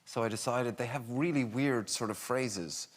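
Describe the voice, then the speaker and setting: A man of middling pitch answers a talk show host haltingly, stacking fillers and restarts as he pokes fun at his own efforts. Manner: hesitant, self-deprecating, many fillers. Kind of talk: casual chat.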